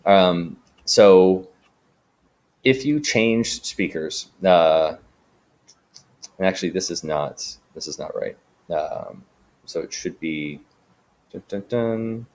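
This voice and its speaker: Low-voiced man teaching, full of ums. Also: takes it slowly, long pauses. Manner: relaxed, frequent ums and restarts. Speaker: writing teacher. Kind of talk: casual explanatory lesson.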